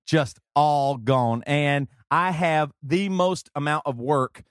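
A man with a Southern accent hosting a podcast, talking in a rambling, excitable way and laughing often. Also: a little high, slow pace, dry recording, clean studio sound. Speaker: podcast host. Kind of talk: casual chat.

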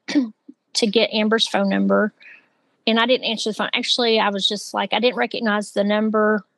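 A woman's voice: mid-range voice, no echo, poor audio. A woman, speaking as the victim's sister and recounting what happened in a conversational way, with lots of fillers. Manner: conversational, with many "like" and "you know" fillers. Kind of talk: recounting a personal story.

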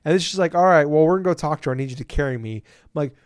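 A man co-hosting a casual gaming podcast, telling a profane, ranting story about a game. He mutters low one moment and shouts the next. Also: rapid-fire, hardly any pauses, no echo, clean studio sound. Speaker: podcast co-host. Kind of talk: casual chat.

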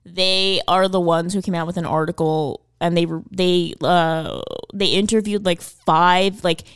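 Chatty woman with a smooth voice. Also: on the low side, fairly even intonation, measured pace, no echo, studio quality. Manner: chatty, laughs often, swears casually. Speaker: podcast co-host. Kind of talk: casual chat.

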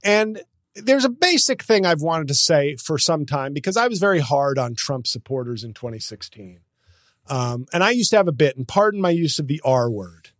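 A man riffs on his podcast in loose comedic chat, profane and animated, jumping between opinions and silly voices. His voice sits fairly high, with a dry, close sound and no room around it. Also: normal speed, no echo. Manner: animated, profane, jokes with bursts of mock voices.

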